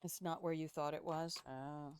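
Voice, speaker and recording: A woman's voice: deep voice, steady tone, normal speed, smooth, dry recording. An older woman streaming a video game, chatting casually, thinking aloud and swearing freely. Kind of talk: casual gaming commentary.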